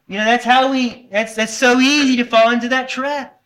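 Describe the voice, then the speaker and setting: A man's voice: very high-pitched, fairly even intonation, moderate pace, a bit bright. A man preaching a sermon, earnestly putting questions to his congregation and sometimes stopping to correct himself. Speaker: pastor.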